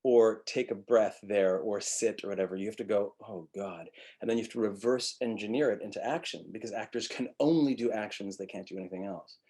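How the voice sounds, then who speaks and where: In a husky, slightly breathy, lowish voice, a male acting teacher lectures during a webinar. He's blunt, animated, and freely profane, breaking into quick acted-out lines of dialogue to make his points.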